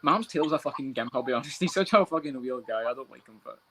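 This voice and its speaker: A man co-hosting a casual podcast chat about fights, talking fast, swearing and laughing a lot. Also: mid-range voice, animated, crowd noise. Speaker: podcast co-host.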